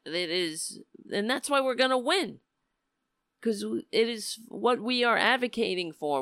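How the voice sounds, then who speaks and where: Woman hosting a political stream, rambly and emotional, lowish voice, dry close sound. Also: a bit bright, no room sound. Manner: emotional, rambling, trails off and restarts. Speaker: host of a political talk show. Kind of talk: casual livestream commentary.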